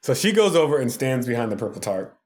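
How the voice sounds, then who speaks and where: A man, a television producer and podcast guest, telling stories in a casual, animated way and laughing often. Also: mid-range voice, fast talker. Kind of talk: casual storytelling.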